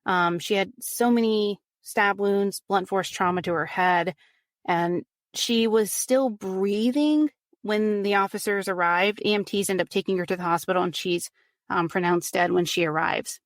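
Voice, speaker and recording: A woman walks through a true crime case in a loose, animated podcast chat, peppering her telling with "like" and "you know". Her voice sits at an ordinary middle pitch and is recorded close and dry, with no room sound. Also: a little slow, no room sound. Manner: animated retelling, frequent "like" and "you know", acts out quotes. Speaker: podcast guest recounting a case. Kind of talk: casual true crime storytelling.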